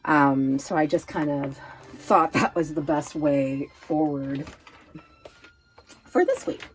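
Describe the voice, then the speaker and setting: A woman's voice: low-pitched, animated, slow pace, a little hiss or hum. A woman from Oregon chatting casually to camera at home as a vlogger, rambling and laughing often. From Oregon, USA. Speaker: lifestyle vlogger.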